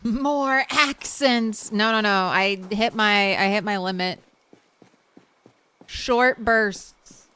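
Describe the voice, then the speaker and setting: A woman's voice: mid-range voice, very slow, sharp tone, smooth. A tired young woman streaming a game late at night, chatting casually with her viewers and often restarting her sentences.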